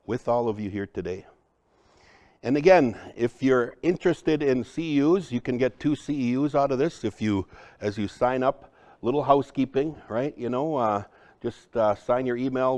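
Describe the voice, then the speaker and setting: A man with a baritone voice giving a live workshop presentation to a room of people, talking conversationally and often checking in with the audience. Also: darkish tone. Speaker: cultural trainer presenting to a group.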